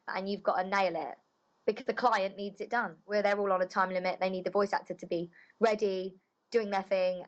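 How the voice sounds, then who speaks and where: A woman's voice: medium pitch, fairly bright tone, muffled recording. A woman voice actress chatting casually in an interview, loose and full of filler phrases. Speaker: voice actress guest.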